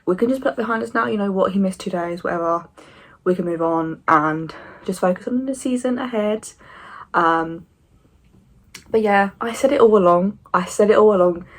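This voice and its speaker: A woman in her twenties talking casually to camera as a football fan vlogger, animated and opinionated with sarcastic asides. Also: on the low side.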